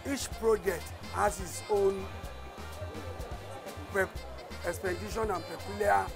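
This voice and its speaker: A man, a community development official, giving a halting on-site briefing about local projects, with many restarts. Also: high voice, gravelly.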